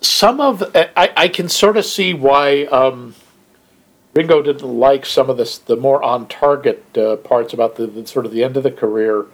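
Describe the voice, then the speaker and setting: A man with an ordinary middle-pitched voice talks through a film in casual podcast chat. He is wry and dry, and he reacts with short interjections. His tone stays conversational and easy. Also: normal speed. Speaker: podcast co-host.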